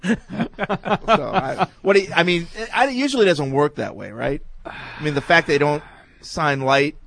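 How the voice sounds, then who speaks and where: A man's voice: on the high side, animated, measured pace, vocal fry, fairly bright tone, dry recording. A man co-hosting a sports talk show, defending his view and reading listener questions, often hesitant. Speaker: sports radio co-host. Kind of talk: casual sports debate.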